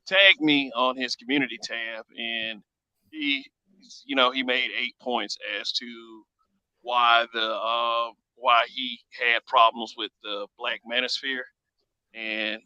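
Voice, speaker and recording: A man hosting a podcast chat, rambling and filling gaps with uh and quick laughs. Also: mid-range voice, bright, forceful tone, clear, resonant tone, no room sound, rough recording. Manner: rambling, full of uh fillers, laughs often. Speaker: podcast host.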